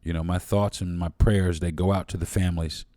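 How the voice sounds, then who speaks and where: A man with a very deep voice talking straight into the mic on his own podcast. He speaks bluntly and with passion, swearing freely. The sound is dry and close, with no room around it. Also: flat delivery, brisk, mellow, no room sound. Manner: blunt, profane and impassioned. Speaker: podcast host. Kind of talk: solo podcast monologue.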